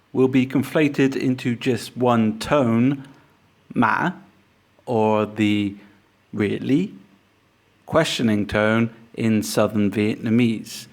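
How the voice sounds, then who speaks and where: A man teaching a pronunciation lesson, explaining patiently and modelling sounds slowly. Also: medium pitch. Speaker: language teacher.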